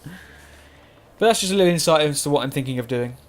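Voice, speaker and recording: A man's voice: fairly high pitch, expressive, a little fast. A young man chatting loosely over gameplay, often correcting himself mid-sentence. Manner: rambling, self-correcting, chatty. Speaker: gaming YouTuber. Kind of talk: casual let's-play commentary.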